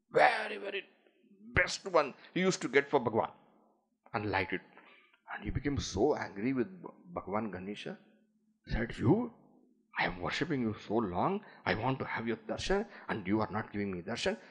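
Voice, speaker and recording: A man with an Indian English accent giving a spiritual discourse on scripture, telling stories and acting out the people in them. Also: medium pitch. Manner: animated storytelling, acts out quoted voices.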